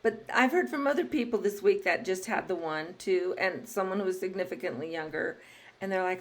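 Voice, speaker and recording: A woman hosting a podcast, chatting casually and telling lively stories with frequent laughter. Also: on the low side, brisk, slight background noise. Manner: lively storyteller, laughs often. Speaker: podcast host. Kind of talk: casual interview chat.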